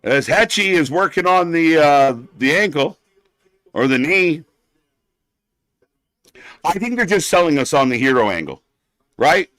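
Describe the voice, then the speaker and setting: Man, fairly high voice, dry close mic; blunt, sarcastic wrestling stream host, swears a lot, heated rants. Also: lively intonation, unhurried, long pauses, fairly bright tone, dry recording. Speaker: live-stream wrestling commentator. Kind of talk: profane ranting watch-along commentary.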